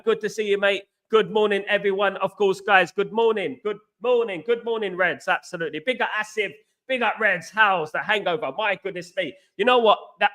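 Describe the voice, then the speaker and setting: A Cockney man from East London runs a live football reaction stream, reading viewer comments in a high, ringing voice with a bright, sharp edge. Excitable and chatty, he calls out viewers by name and keeps repeating the same stock phrases.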